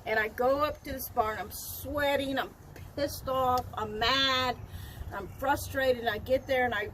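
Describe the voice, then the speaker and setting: High-voiced older woman, animated storyteller. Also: a little slow, a little hiss or hum, low-quality recording. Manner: lively, laughs often, acts out dialogue. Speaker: interview guest, wild animal trainer.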